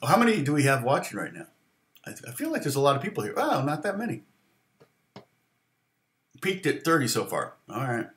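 A man's voice: mid-range voice, big pitch swings, brisk, pauses often, fairly bright tone, roomy sound. A middle-aged man hosting a casual livestream guitar lesson, rambling with fillers and laughs.

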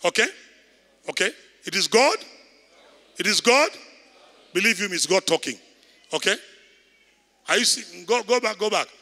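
Kenyan bishop preaching, tense bright voice. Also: male voice, high-pitched, expressive, moderate pace, creaky, long pauses. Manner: preaching loudly, calling out to the congregation. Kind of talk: sermon. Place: large church hall. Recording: echoey church hall.

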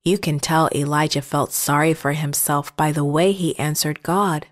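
A woman narrating children's Bible stories in a gentle, measured storytelling manner. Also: deep voice, fairly even intonation.

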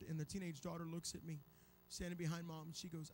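A man's voice: fairly high pitch, steady tone, fast talker, slight background noise. A man preaching a revival sermon in a church, telling stories dramatically and acting out the voices. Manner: dramatic, acts out voices, builds to shouting. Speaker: guest preacher.

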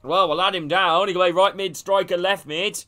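A man's voice: high-pitched, fairly even intonation, normal speed, bright, forceful tone, soft background music. A man casually commentating a game stream, chatting with viewers and calling them by name. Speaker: gaming streamer.

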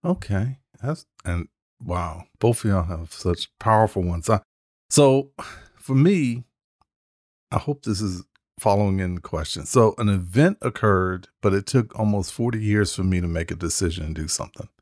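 An older man hosting a book discussion, speaking thoughtfully and haltingly. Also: on the low side, expressive, a little mellow, no echo, clean studio sound. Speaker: book club host. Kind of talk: casual chat.

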